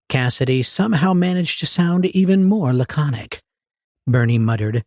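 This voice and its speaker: A man narrating an audiobook in an expressive, wry reading style. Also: on the high side, moderate pace, no room sound. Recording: dry close recording.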